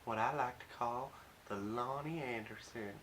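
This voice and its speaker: A man's voice: mid-range voice, moderate pace, fairly bright tone, a little hiss or hum, natural voice. Flirty Southern belle, as a man puts her on. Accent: put-on Southern US drawl.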